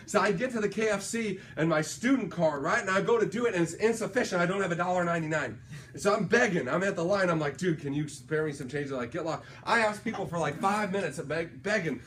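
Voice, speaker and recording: There's a little hiss or hum behind this high-voiced man as he gives a motivational talk on sales. Full of energy, he tells stories and keeps ending points with "right?".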